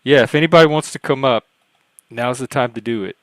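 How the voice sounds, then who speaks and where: A man's voice: medium pitch, brisk, fairly bright tone, dry recording. A man with a Southern US accent, a Louisiana, Cajun and Texas blend, hosting a livestream in rambling, self-deprecating casual chat. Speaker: livestream host.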